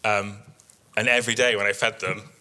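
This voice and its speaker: A man's voice: on the low side, little pitch movement, brisk, pushed and bright, smooth. A man in his thirties, a sheep breeder giving a chatty, story-filled workshop talk with slides and plenty of ums. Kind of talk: presentation with slides.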